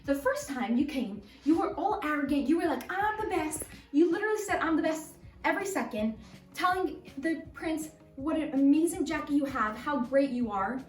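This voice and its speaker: Wise old rabbi, quiet and low-toned, as a woman tells it; roomy echo. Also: lively intonation, moderate pace. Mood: explaining. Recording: roomy echo, distant mic, faint music.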